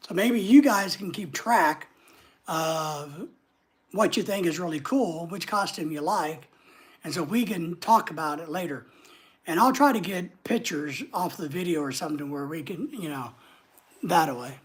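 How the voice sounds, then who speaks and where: A man's voice: a little high, unhurried, slightly rough. A man with a neutral American accent hosts a casual livestream, rambling as he reads viewer comments aloud and answers them. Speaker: livestream host.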